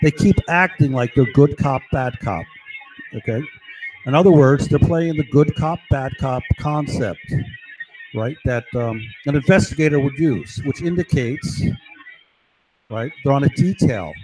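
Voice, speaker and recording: A man ranting angrily to his viewers, swearing, shouting insults and tagging sentences with "right?" and "okay?". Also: mid-range voice, expressive, a little slow, faint music behind, low-quality recording. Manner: agitated, repeatedly asks right and okay. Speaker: vlogger. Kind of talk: angry rant to camera.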